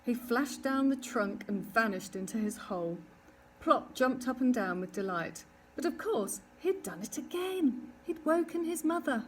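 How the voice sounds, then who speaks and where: A woman narrating a children's storybook in an expressive, animated reading. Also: a little high, unhurried, slight background noise. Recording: distant mic with faint ambience.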